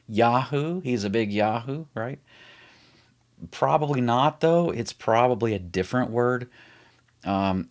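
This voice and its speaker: A middle-aged man teaching an online Bible study in a chatty way, explaining things as he writes them out on the screen. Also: fairly low pitch. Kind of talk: casual online Bible lesson.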